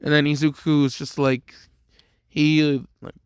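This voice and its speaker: A man's voice: on the high side, flat delivery, a little slow, clean tone, no echo, clean studio sound. A young man telling a fan story casually, rambling with lots of fillers. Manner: rambling, filler-heavy, laid-back.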